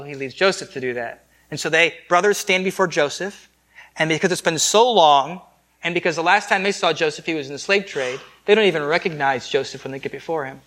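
A man preaching a sermon in a conversational way, with quick restarts and joking asides. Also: on the high side, a bit bright. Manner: conversational, with repeated restarts and self-deprecating asides. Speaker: pastor.

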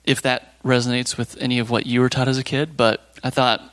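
A man's voice: mid-range voice, level tone, brisk, few pauses, a bit bright, no room sound. A man leading a Bible study group, reading a children's story aloud plainly, then chatting casually and hesitantly with the group.

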